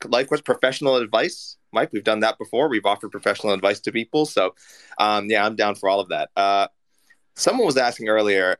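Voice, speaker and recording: A man's voice: lowish voice, a bit bright. Rambling man co-hosting a chat show. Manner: rambling, repeats words, jokey. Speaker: regular co-host. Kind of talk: casual chat.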